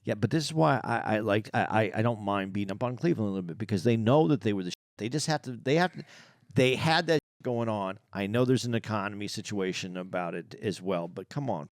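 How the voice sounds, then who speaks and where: A comedian co-hosting a podcast who rambles loosely, trips over restarts and jokes at his own expense. His voice sits low with a gravelly texture. The recording is dry and close. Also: fast, dry recording. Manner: rambling, stammering restarts, self-deprecating. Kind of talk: casual comedic banter.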